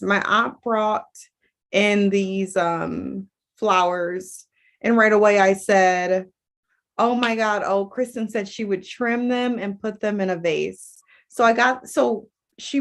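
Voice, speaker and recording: A woman coach talking casually to viewers in a rambling, chatty way, full of fillers and restarts. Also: medium pitch. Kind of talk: casual livestream talk.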